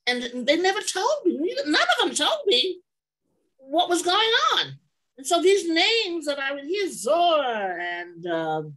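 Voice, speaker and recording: A woman's voice: high-pitched, pushed and bright, rough recording. An older woman sharing memories as an interview guest, rambling and digressing, often stopping to correct herself. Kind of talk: oral history storytelling.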